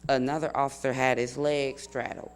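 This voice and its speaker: An earnest young man tells what happened in a steady, measured voice, going back over his words to stress them. His pitch sits in the ordinary middle range for a man. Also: smooth. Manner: earnest, measured, repeats himself for emphasis. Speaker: family member telling his account. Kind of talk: recounting in an interview.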